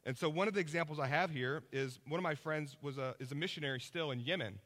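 A man preaching a sermon, telling lively stories and checking in with his listeners. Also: on the high side, fast talker, long reverb tail. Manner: energetic storytelling, checks in with listeners.

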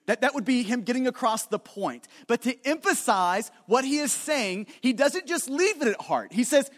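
A man's voice: very high voice, animated, a little fast, hardly any pauses, big-room sound. A man preaching a sermon as pastor, emphatic and repetitive, often restarting his phrases.

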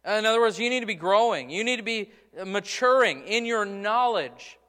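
Male pastor, preaching a sermon, higher pitch, repeats words for emphasis; church hall reverb. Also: expressive, normal speed, bright, forceful tone. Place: church sanctuary.

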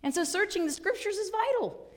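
A woman's voice: very high voice, animated, a little fast. A woman pastor preaching a sermon, telling a story playfully and acting out little voices in the quotes.

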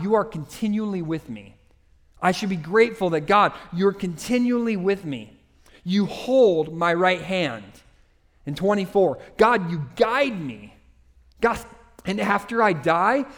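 A man in his forties preaching a sermon in a church, earnest and direct, rising sharply for emphasis and dropping low and quiet. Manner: earnest preaching with sudden rises in pitch and drops to a quiet voice. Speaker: pastor.

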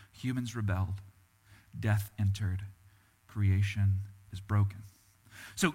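Animated, bright-voiced male preacher. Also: mid-range voice. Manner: animated, voice rising and falling for emphasis; conversational, asks listeners "right?". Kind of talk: sermon.

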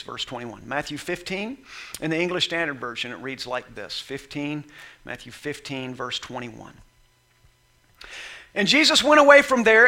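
A man preaching a sermon, reading scripture and acting out the scenes, moving from quiet reading to loud, shouted lines. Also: high-pitched. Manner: acts out Bible scenes in voices, swings from soft reading to shouting. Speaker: pastor.

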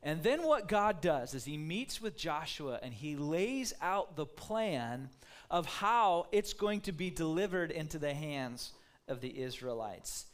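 Lively, conversational male preacher. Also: on the high side, a little slow. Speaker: pastor. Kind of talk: sermon.

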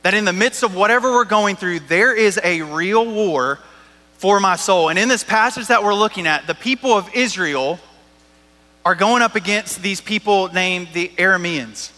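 High-voiced guy preaching a sermon, chatty and jokey, church room with a long echo. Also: normal speed, pushed and bright. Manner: casual and joking, with lots of "like" and "right?". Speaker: pastor.

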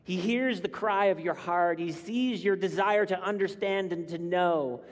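A man preaching a sermon, emphatic and building to loud cries on key lines. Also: sits high, a little slow. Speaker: pastor. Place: church sanctuary. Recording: long hall reverb.

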